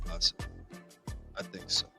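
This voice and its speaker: A man hosting a casual boxing chat, joking loudly with profane banter. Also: moderate pace, faint music behind.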